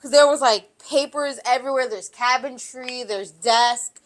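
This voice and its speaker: High-voiced woman telling wild stories. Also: normal speed. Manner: animated, swears freely, acts out quotes. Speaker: podcast co-host. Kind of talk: casual storytelling chat.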